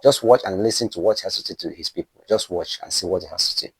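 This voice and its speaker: Gravelly man introducing a news clip. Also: sits low, fast.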